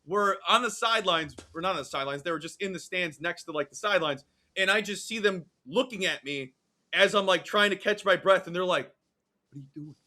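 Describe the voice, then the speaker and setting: A man co-hosting a sports-betting podcast, telling a story in an animated way and acting out the voices of the people in it. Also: high-pitched, fairly quick. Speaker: podcast co-host.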